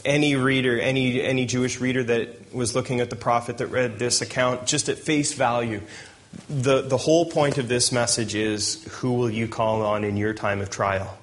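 A man's voice: medium pitch, steady tone, normal speed. Guy preaching a sermon, reads scripture then cracks jokes and chuckles a lot. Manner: jokey asides, chuckles while preaching. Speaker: pastor. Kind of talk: sermon with Bible reading.

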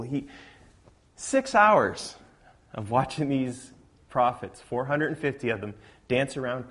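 A man preaching a sermon as a pastor, telling a story with animated swings between quiet asides and loud, emphatic lines. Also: medium pitch.

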